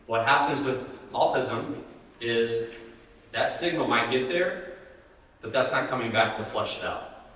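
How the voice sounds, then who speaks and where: A man's voice: medium pitch, unhurried, long pauses, a bit bright. Man lecturing from across an echoey hall. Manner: conversational, asks the audience questions. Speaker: speaker at a health talk. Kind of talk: live presentation to an audience. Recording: roomy hall, distant mic.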